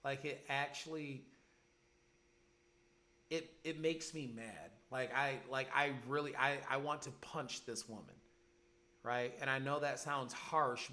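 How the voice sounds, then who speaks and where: Speaking into a podcast mic, a podcast host in his forties rants angrily, his commentary heated and profane. The voice sits at medium pitch, a little slow, with a pushed, bright quality.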